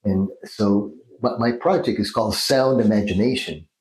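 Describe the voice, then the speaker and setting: A man with a fairly low voice talks as a guest therapist, thoughtful and unhurried in his explanations. The recording carries a clear roomy echo around him. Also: a little mellow. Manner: thoughtful, explains slowly, acts out phrases in different tones. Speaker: guest, Jungian dream therapist. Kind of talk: reflective interview talk.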